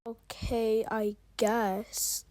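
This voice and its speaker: A woman's voice: on the high side, level tone, very slow, mellow, no room sound. A woman voicing a homemade role-play series and talking casually to viewers in a slangy, rambling way.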